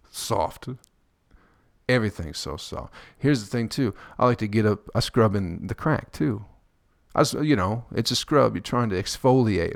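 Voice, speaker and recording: Gravelly-voiced man in a crude rambling podcast ramble. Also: dry recording, clean studio sound. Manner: crude, rambling, joking, swears a lot; mimics people in high squeaky voices. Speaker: podcast host. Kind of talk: casual solo podcast monologue.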